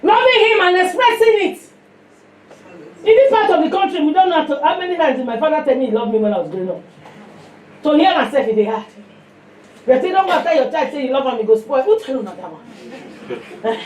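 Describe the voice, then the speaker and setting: A woman with a Nigerian accent preaching a sermon to a fellowship, passionate and emphatic, swinging between loud and hushed. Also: sits high, lively intonation, fast talker, long pauses, echoey room, distant mic.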